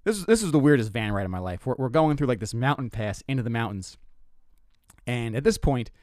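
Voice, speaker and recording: A young man hosting a podcast, telling a comic story in a casual, animated way, stumbling and restarting often. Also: brisk, no echo, studio quality. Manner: animated, self-interrupting, swears, jumps pitch for quoted lines. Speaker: comedian podcast host.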